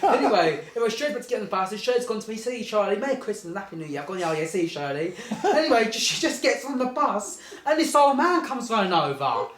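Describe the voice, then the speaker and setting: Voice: medium pitch, sing-song, fast talker, few pauses, slight background noise. A speaker telling a rambling comic anecdote, giggling through it and often saying "anyway". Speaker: storyteller. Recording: echoey room.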